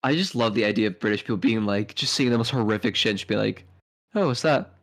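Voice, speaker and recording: Laughing joking man co-hosting a podcast. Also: on the low side. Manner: joking, quick riffing with bursts of laughter. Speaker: podcast co-host. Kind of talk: casual chat.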